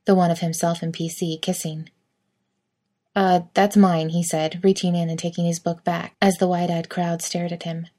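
Low, mellow woman reading a story. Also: completely flat delivery, brisk, few pauses. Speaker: narrator.

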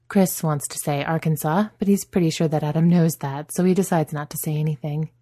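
A woman narrating a story in a soft, even storytelling manner. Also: low-pitched, a little fast, hardly any pauses. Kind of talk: audiobook narration.

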